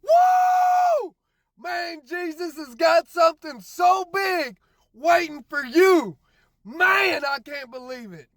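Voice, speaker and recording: A man recording a faith vlog on his drive home, shouting praise and whooping with joy, at times close to tears. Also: extremely high pitch, animated, slow pace, no echo. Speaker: vlogger. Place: car, driving home.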